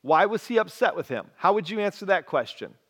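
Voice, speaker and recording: A man preaching a sermon, telling a story with lively acted-out voices. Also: sits high, brisk. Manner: animated storytelling, acts out quoted voices. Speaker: pastor.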